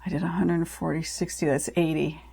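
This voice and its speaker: Woman crafter, casual running commentary, slightly low pitch, dry close sound, rambling. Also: flat delivery, fairly quick, vocal fry, dark tone, husky, no echo. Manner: rambling, self-correcting, thinking aloud. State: out of breath. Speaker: resin crafter.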